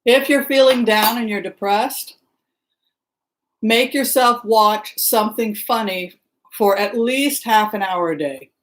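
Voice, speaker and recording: A woman's voice: a little high, takes it slowly, low-quality recording. A middle-aged woman from the Seattle area, chatting casually and rambling as she greets viewers by name during a livestream. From Seattle area, Washington. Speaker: livestream host. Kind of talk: casual chat with live viewers.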